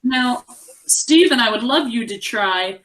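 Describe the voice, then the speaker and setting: Expressive young woman teacher. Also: fairly high pitch, measured pace. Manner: encouraging, expressive read-aloud. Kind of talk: online class reading lesson.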